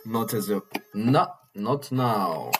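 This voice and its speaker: A man vlogging in a casual monologue, earnest and halting, often repeating and restarting his phrases. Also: on the low side, animated, a little hiss or hum, rough recording. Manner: earnest, mildly swearing.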